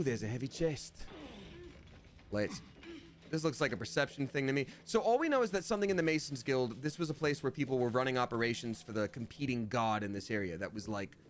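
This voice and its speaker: Man streaming a video game, casual playful commentary, lively pitch, medium voice. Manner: chatty, playful, jumps into silly voices. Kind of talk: casual livestream gaming commentary.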